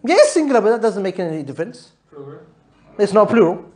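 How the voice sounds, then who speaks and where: High-voiced man teaching an Arabic class. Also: sing-song, brisk, darkish tone. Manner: patient, drills students with repeated questions; mixes English with Arabic terms. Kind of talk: live classroom lesson.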